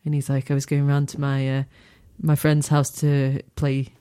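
A woman with a neutral English accent that turns slightly northern on a few words chats casually on a podcast. She teases her co-host and laughs often, with lively expression. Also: rumbling low, normal speed, smooth. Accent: neutral English, slightly northern on some words. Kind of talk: casual chat.

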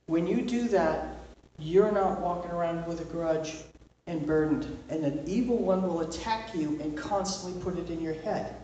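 A woman's voice: low-pitched, mellow, a little hiss or hum. Woman, Bible study teacher, conversational, keeps asking okay, very echoey, distant from the mic. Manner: conversational, checks in with frequent "okay?". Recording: very echoey room, voice far from mic.

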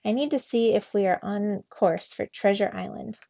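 A woman's voice: mid-range voice, moderate pace, creaky, warm tone, no echo. A woman voicing a fussy, anxious grown male mouse sailor who gives nervous warnings. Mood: fretful. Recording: dull, dry recording.

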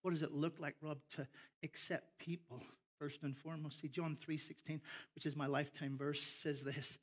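A middle-aged man from Ireland, his accent softened by years in America, preaches a sermon. His voice sits a little high for a man, and he slows right down and pushes harder on the phrases he wants to land. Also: level tone, breathy edge. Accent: Northern Irish, softened by years in America. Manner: passionate, with big swells of emphasis and slowed key phrases. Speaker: pastor.

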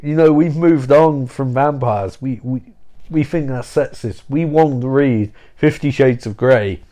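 A man's voice: medium pitch, measured pace, dark tone, pitched below the performer's own voice, lightly acted. A man voicing a condescending woman from a book club in an improvised comedy story. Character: bossy women of a book club.

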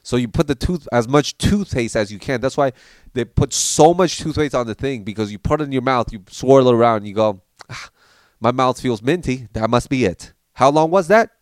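A man telling childhood stories in a loose, animated way, slipping into the voices of his family. His pitch sits in the middle, and the recording is dry and close. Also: brisk, no room sound. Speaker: podcast storyteller. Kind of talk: casual storytelling.

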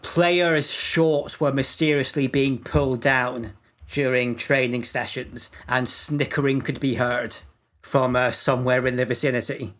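Brief: male podcast co-host, mid-pitched, dry deadpan storyteller. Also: measured pace. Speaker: podcast co-host presenting facts. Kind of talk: casual comedic podcast chat.

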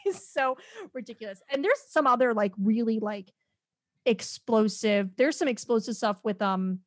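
A woman chatting casually as a podcast guest, animated and quick to laugh, with lots of fillers and restarts. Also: a little high, no echo, studio quality.

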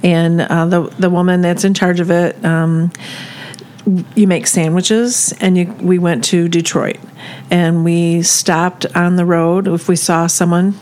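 A woman who volunteers with a ministry, telling a story in a halting way, with many fillers and restarts. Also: fairly low pitch, a little mellow. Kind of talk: casual storytelling chat.

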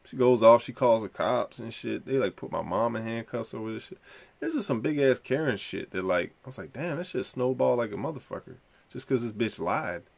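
A young man with a gravelly, creaky voice hosts a podcast and riffs on video clips. His talk is loose, profane and rambling, full of laid-back storytelling. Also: medium pitch, expressive, fairly quick. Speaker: podcast host. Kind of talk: casual commentary reacting to clips.

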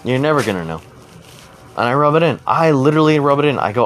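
A man's voice: medium pitch, very animated, quick pace. A man ranting bluntly and heatedly into the camera, swearing freely. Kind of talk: unscripted angry rant. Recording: noisy recording with clicks.

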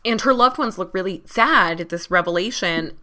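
A woman's voice: medium pitch, moderate pace, sharp tone. A woman from southwestern Ontario hosting a podcast, ranting passionately and chattily with plenty of fillers. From southwestern Ontario, Canada. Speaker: podcast host. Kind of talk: casual ranting podcast monologue.

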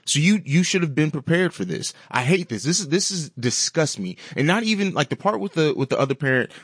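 A man's voice: fairly high pitch, big pitch swings, brisk, a bit bright, husky, no echo, clean studio sound. A man co-hosting a podcast, speaking earnestly and with emphasis. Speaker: podcast co-host. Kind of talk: casual podcast talk.

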